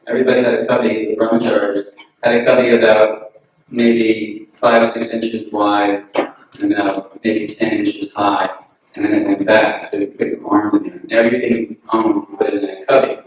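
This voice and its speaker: A man giving an anecdotal remembrance at a memorial gathering, telling relaxed stories and chuckling often. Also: mid-range voice. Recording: very echoey hall, distant mic, noisy.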